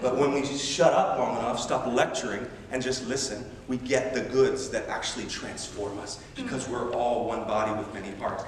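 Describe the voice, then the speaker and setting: A man preaching a sermon as a missionary, animated and emphatic, with self-deprecating humor. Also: medium pitch, normal speed, hardly any pauses, far from the mic, a little hiss or hum. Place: large church sanctuary. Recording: echoey church hall from afar.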